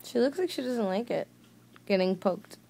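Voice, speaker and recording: A woman's voice: medium pitch, lively intonation, normal speed, vocal fry, mellow. A woman filming her pets at home, chatting casually and teasing them in a playful way, with bits of baby talk. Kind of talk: casual chat to pets and friends. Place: home room indoors.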